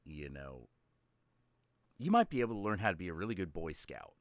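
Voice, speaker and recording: Profane, animated male stream host. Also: low-pitched, a little fast, no room sound. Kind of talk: casual storytelling on a live stream.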